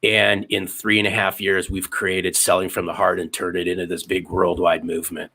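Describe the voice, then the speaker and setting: A man's voice: deep voice, level tone, normal speed, creaky, bright, forceful tone, a little hiss or hum. A man in his fifties, a sales author and podcaster, telling his story in an interview with emphatic, repeated phrases. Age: 50s.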